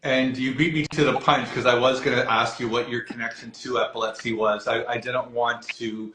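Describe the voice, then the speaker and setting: A man's voice: mid-range voice, level tone, normal speed, sharp tone. Man interviewing over an echoey video call. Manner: rambling, self-deprecating questions with fillers. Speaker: interviewer for an epilepsy alliance. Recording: echoey room, faint background noise.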